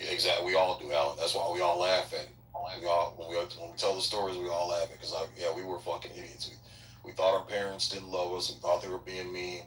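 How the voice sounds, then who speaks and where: A man's voice: low voice, a bit bright, echoey room, distant mic, slight background noise, poor audio. A man telling crude stories from military boot camp in a casual podcast chat. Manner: profane, drawling storyteller. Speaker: former Marine recruit telling stories.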